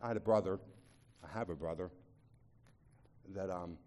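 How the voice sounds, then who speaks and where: A man preaching a sermon, shifting from quiet, confiding talk to loud, impassioned pleading, often repeating words as he restarts. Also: sits low, normal speed. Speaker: pastor.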